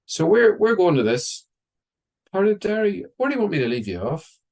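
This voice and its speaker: A man's voice: high voice, sing-song, moderate pace, gravelly, a little mellow, voice pushed up, full character voice. A man playing a chatty grandfather who keeps asking friendly, probing questions. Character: chatty older grandfather, driving a van.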